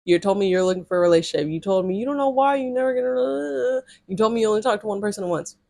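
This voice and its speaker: A woman's voice: mid-range voice, fast talker, creaky, darkish tone, no room sound. A young adult woman, blunt and sassy, telling a dating story casually to her viewers with slang and strong reactions. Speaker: storytime vlogger.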